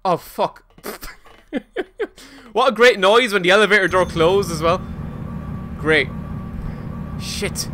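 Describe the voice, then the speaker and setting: A man streaming a video game live, reacting excitably and swearing often as he plays and talks to his chat. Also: high-pitched, slow pace, pauses often, noisy background. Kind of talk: casual live gameplay commentary.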